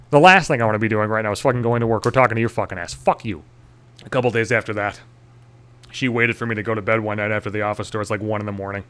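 A man's voice: lowish voice, fairly even intonation, very fast, fairly bright tone, smooth. A young man telling a comic story as an exasperated, profanity-heavy rant. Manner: swearing, exasperated.

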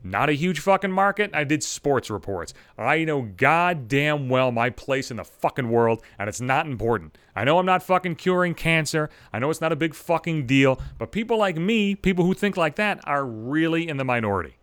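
A man's voice: on the high side, expressive, moderate pace, few pauses, a bit bright, clean tone, no echo. A middle-aged man delivering an angry, sarcastic, heavily profane podcast rant. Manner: angry, sarcastic, heavy swearing. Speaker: podcast host. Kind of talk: profane ranting monologue.

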